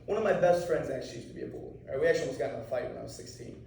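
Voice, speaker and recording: A man's voice: medium pitch, lively intonation, very fast, creaky, darkish tone, a little hiss or hum. Man teaching a class in an echoey room. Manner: casual, keeps checking in with "okay?". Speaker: martial arts instructor. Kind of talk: anti-bullying talk to a class. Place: school room with students. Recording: echoey room, mic far off.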